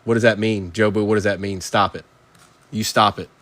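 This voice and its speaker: A man's voice: fairly low pitch, fairly even intonation, a little fast, fairly bright tone, no room sound. Man calling out cards on a live break. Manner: rattles off player names, chats to viewers. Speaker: card break host. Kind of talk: live card-break commentary.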